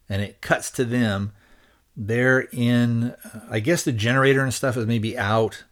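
On his podcast, a man recaps a film's plot in a casual, loose way, rambling, hedging and restarting as he hunts for words. His voice is mid-range, with a steady tone and an unhurried pace.

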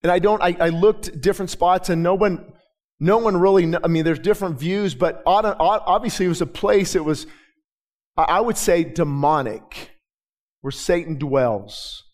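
High-voiced fervent preaching man. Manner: builds to loud fervent preaching, with repeated phrases; soft confiding storytelling with halting restarts. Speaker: pastor. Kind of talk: sermon. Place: church with a balcony.

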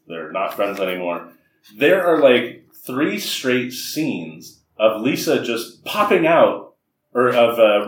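A man co-hosting a podcast, recapping a movie in casual chat, laughing often and acting out the characters' lines. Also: mid-range voice. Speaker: podcast co-host. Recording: echoey room, voice a bit far from mic.

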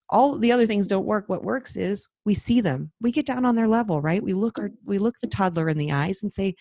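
A woman's voice: mid-range voice, lively intonation, a little fast, mellow, no echo. Dry, chatty woman coach explaining. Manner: conversational, often checks in with "right?" and acts out inner voices. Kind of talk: casual explanatory talk.

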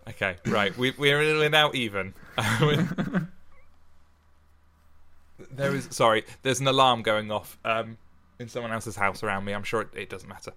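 A man's voice: medium pitch, moderate pace, pushed and bright. A man co-hosting a podcast, reading a sonnet aloud and then chatting in a giggly, self-deprecating way. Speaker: podcast co-host. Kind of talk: casual chat and poetry reading. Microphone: headphones and studio microphone.

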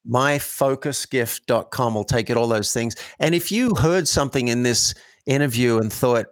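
Coach guy on an interview, thinking out loud, mid pitch, dry close mic. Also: normal speed, no room sound. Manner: reflective, acts out example dialogues. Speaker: coach and guest. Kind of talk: conversational interview.

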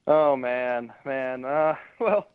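A man's voice: medium pitch, extremely slow, smooth, no echo. A man calling in as a guest reporter, chatting casually and stumbling over and repeating his words. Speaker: sports beat reporter, guest. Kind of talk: casual radio interview. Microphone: phone call. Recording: tinny dry phone line.

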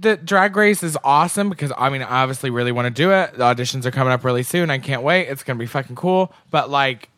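A man's voice: mid-range voice, quick pace, hardly any pauses, fairly bright tone, no room sound, clean studio sound. A man who performs in drag, chatting casually and rambling, swearing freely as he talks. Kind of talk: casual podcast chat.

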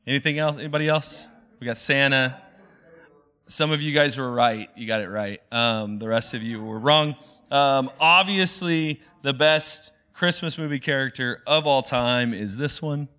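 A man's voice: medium pitch, moderate pace, bright, forceful tone, smooth. A man in his thirties preaching a casual, conversational sermon, chatty with many fillers and playful asides. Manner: chatty, many fillers, quoting movie lines in playful voices. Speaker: pastor.

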